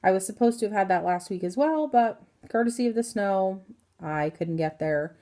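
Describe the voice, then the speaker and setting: A woman's voice: medium pitch, animated, moderate pace, warm tone. A woman in her thirties from Indiana giving a rambling, casual health update to her phone camera, full of ums and self-corrections. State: hiccups. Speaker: vlogger.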